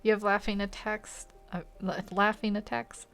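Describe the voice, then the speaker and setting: A woman's voice: medium pitch, little pitch movement, moderate pace, a bit bright. A woman chatting casually while she draws, giggly and rambling, tired from a long day without sleep. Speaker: art channel host. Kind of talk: casual drawing commentary.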